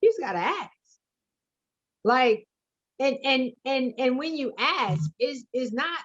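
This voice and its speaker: Loud emphatic woman career coach. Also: high voice, expressive, takes it slowly, pauses often, dull audio. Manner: loud, emphatic storyteller, slips into slang. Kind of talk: casual chat.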